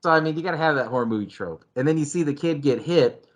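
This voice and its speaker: A man co-hosting a casual movie chat, animated and profane, sometimes acting out scenes with sudden loud shouts. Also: a little high, fast. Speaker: podcast co-host.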